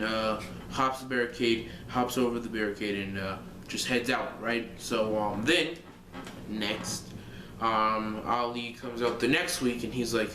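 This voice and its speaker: A man's voice: medium pitch, noisy background. A young man vlogging casually, rambling through a story with lots of fillers and restarts. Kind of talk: casual fantasy-booking monologue. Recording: echoey room.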